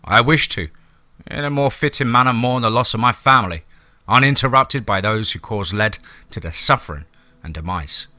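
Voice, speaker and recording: A man reading a horror story aloud as a first-person narrator, in a measured, formal and grave manner. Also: mid-range voice, expressive, pushed and bright, no room sound.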